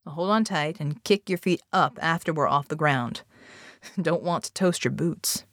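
A wry soldier who grumbles along resignedly and then cracks a joke, as a woman puts him on. The voice is low and dry, read close to the mic. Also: unhurried, a bit bright, no room sound. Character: wry Russian male soldier.

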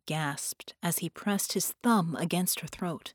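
A woman narrating an audiobook with a slow, expressive reading. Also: lowish voice, no room sound, studio quality.

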